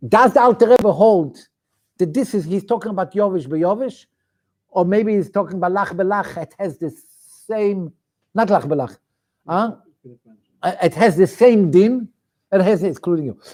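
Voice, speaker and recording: A male rabbi leads a weekly study class in English with a strong Yiddish flavor. His voice sits high, and he moves through the material in a sing-song study cadence, thinking aloud and restarting phrases as he goes. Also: lively intonation, measured pace, dark tone. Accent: Yiddish-inflected English. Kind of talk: Talmudic study lecture.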